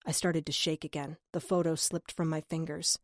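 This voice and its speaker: A woman narrating a first-person crime audiobook in a measured, earnest way on a close studio mic. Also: low-pitched, level tone, no echo.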